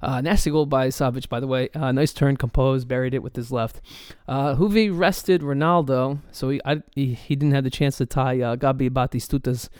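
A man's voice: medium pitch, normal speed, hardly any pauses, smooth, no room sound. Ranting soccer fan man, dry sound. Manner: swears a lot, animated fan rant; many fillers and restarts. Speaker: soccer podcast host. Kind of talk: casual solo chat.

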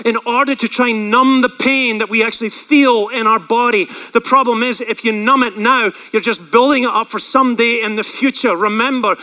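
A man preaching a sermon as pastor, swinging from loud impassioned cries down to quiet reflective talk, with fillers and restarts. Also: steady tone, normal speed, hardly any pauses, low-quality recording. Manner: rises to loud impassioned cries on quoted prayers, drops low and quiet when reflecting.

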